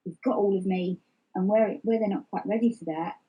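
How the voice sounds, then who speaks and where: As an interview guest in an open personal conversation, a middle-aged woman speaks reflectively and honestly, often restarting her sentences amid many fillers. She talks fairly quickly in a warm, slightly rough, medium-pitched voice. The recording is rough.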